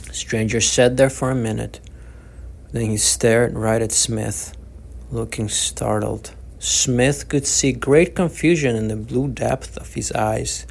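Author guy reading his novel, slow and steady, creaky gravelly voice. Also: mid-range voice. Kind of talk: audiobook narration.

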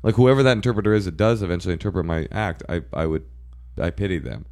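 A man, a comedian, telling stories in casual chat, talking fast and animated. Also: sits low. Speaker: comedian guest.

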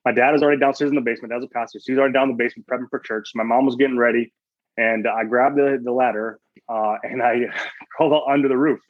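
A man's voice: mid-range voice, steady tone, rapid-fire, no echo, lo-fi sound. A man speaking as a guest chaplain in a podcast interview, telling stories earnestly, quoting his own thoughts and often restarting his sentences.

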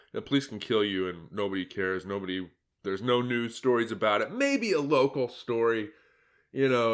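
A man's voice: on the low side, a bit bright. A man giving sarcastic, mocking solo commentary on his own article, laughing at his own jokes.

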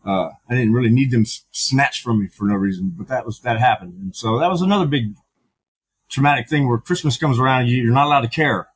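A man's voice: medium pitch, fast talker, slightly rough, poor audio. A middle-aged man, a podcast guest, telling his story candidly, with frank, profane talk full of fillers and restarts.

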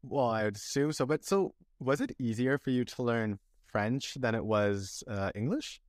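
A man's voice: medium pitch, normal speed, dry recording, studio quality. A man from Belgium hosting a podcast, asking friendly, curious questions and laughing easily. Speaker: podcast host. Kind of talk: casual podcast interview.

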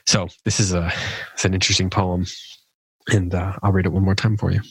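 Male podcast host, low voice, dry close sound, reflective poetry commentary with some restarts. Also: flat delivery, fairly quick, slightly rough, no room sound, poor audio. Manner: thoughtful, musing, with frequent restarts.

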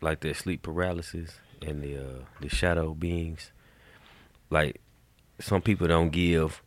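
A man co-hosting a podcast, chatting in a relaxed, casual way. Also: low-pitched, no echo. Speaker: podcast co-host. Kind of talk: casual chat.

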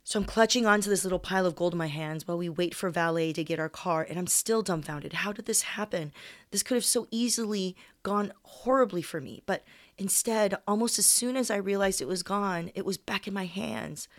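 A woman's voice: medium pitch, brisk, dry recording, studio quality. A young woman comedian reading a personal story aloud in a candid, conversational way, all in one take.

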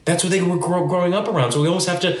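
A middle-aged man, a TV news anchor guesting on a podcast, telling personal stories candidly and acting out what his family said. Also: racing. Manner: animated, acts out quoted family members with sudden high pitch jumps. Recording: roomy echo.

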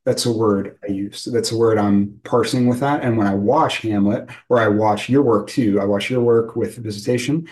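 A man's voice: fairly low pitch, normal speed, few pauses, darkish tone, low-quality recording. A man interviewing a guest, talking loosely and searching for words, with many fillers. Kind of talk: casual conversational interview.

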